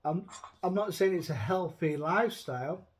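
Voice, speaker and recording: Male host, high voice, blunt and sweary, casual rambling rant. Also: animated, normal speed. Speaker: show host. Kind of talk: casual chat.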